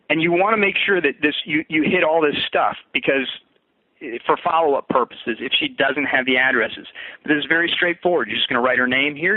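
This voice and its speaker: A man's voice: mid-range voice, no echo. Man, sales coach, conversational, stumbles over words, tinny phone-like sound, dry room. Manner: conversational, repeats words while restarting. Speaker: fitness business coach. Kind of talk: recorded sales training walkthrough.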